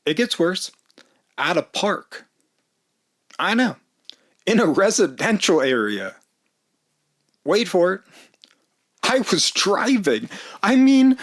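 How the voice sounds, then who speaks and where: A man telling a comedic personal story in an animated, self-mocking way, laughing often. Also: a little high. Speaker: storyteller vlogger.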